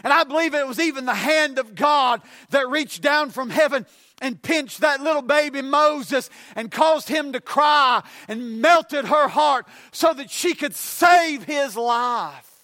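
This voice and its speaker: A man preaching a sermon, building his points with repetition and rising to shouts on key lines. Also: very high-pitched, measured pace, no room sound.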